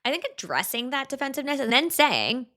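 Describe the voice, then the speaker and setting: Bright-voiced woman, earnest podcast guest. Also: high voice, big pitch swings, a little fast. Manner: earnest, explanatory, often adds "right?" and "like". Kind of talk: casual podcast conversation.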